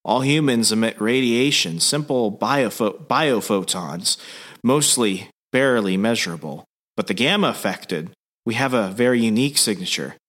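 A man voicing a calm, reserved male scientist who speaks in a low, quiet and measured way, in a comic recap with put-on voices.

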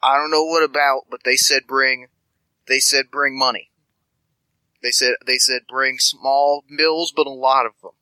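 A man's voice: mid-range voice, fairly even intonation, unhurried, pushed and bright, clean tone, dry recording, rough recording. A man doing Huck, a rambling street informant. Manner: stammering, scatterbrained, affectionate.

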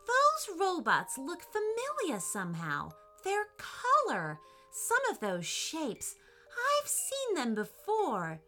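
A clever, curious young princess who takes charge, her voice high and springy , as a woman reading a storybook puts her on. It is bright and animated, with soft music underneath. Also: slow, full character voice. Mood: thoughtful.

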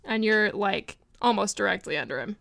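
A woman's voice: mid-range voice, lively intonation, normal speed, vocal fry, a bit bright. A woman running a tabletop role-playing game as game master, narrating casually with many fillers.

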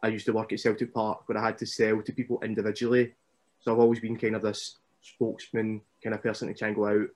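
A young man with a Scottish accent, a wrestler chatting casually as a podcast guest and telling stories in an animated way. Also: fairly low pitch, fast talker. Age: young adult.

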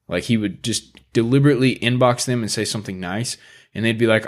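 A man co-hosting a casual podcast, talking bluntly with lots of swearing and animated storytelling. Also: on the low side, fast. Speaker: podcast co-host.

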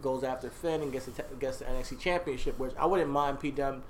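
A man's voice: mid-range voice, fast talker, a little hiss or hum. A man co-hosting a casual wrestling podcast, rambling and hesitating as he talks. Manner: rambling, hesitant, full of fillers. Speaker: podcast co-host.

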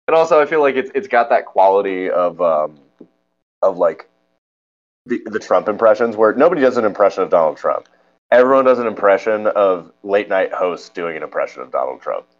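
A young man co-hosting a podcast in casual chat, animated and jokey with lots of stumbling restarts. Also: fairly low pitch, moderate pace. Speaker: podcast co-host. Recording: dull lo-fi recording.

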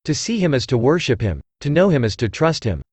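A man's voice: medium pitch, very animated, fairly quick, a little mellow, slightly rough, no echo. A synthesized male voice reading the lines of a sullen, protective young brother who sounds warning and grudging. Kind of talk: audiobook reading.

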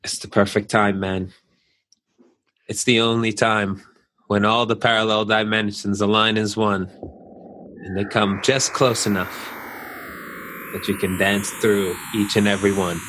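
A man doing a spacey rapper musing slowly and grandly about everything. The voice sits fairly low but sounds bright and forward. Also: little pitch movement, slight background noise. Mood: dreamy. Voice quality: slow, dreamy, self-important delivery. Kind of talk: comedy podcast role-play.

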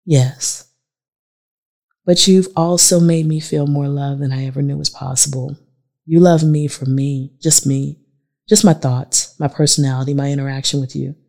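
A woman reading a calm, pleading bald man. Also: deep voice, normal speed, gravelly, pitched below the performer's own voice. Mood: tender.

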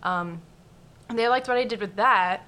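Young woman chatting, deadpan humor. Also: medium pitch, moderate pace. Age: 20s. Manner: joking, deadpan about grief. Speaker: guest. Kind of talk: casual chat.

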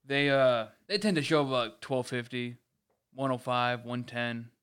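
A man's voice: medium pitch, normal speed, fairly bright tone, clean tone. A man in casual podcast chat, ranting about a late customer and acting out both sides. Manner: ranting, repeats words, acts out quoted customers. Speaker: podcast co-host.

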